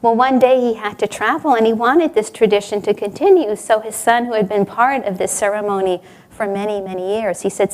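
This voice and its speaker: A woman giving a spiritual talk, telling parables in a gently rhetorical manner. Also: medium pitch, brisk, few pauses. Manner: warm storytelling, gently rhetorical. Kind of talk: sermon.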